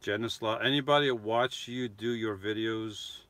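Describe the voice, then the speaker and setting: Middle-aged male vlogger, lowish, bright-edged voice, rambly, self-correcting live-chat delivery. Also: steady tone, a little slow, dry recording. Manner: chatty, rambling, frequent restarts and self-corrections. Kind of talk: casual live-stream chat.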